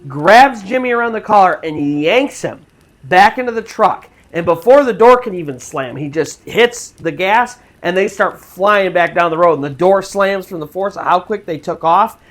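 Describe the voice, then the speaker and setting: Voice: mid-range voice, animated, normal speed. A storytelling channel host narrating a true scary story in a casual, conversational way with fillers.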